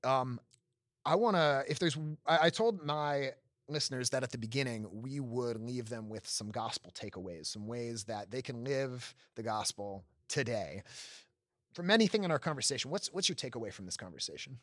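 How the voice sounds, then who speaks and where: A man's voice: medium pitch, animated, moderate pace, fairly bright tone, dry recording. Male host, earnest and chatty, mid voice, dry booth sound. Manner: earnest, restarts often, laughs easily. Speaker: podcast host. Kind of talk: casual faith conversation.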